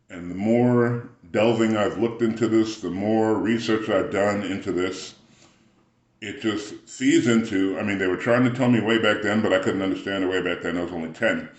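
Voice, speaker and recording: Brief: man, very deep voice, unhurried rambling spiritual talk, echoey room. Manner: rambling, musing, frequent throat-clearing.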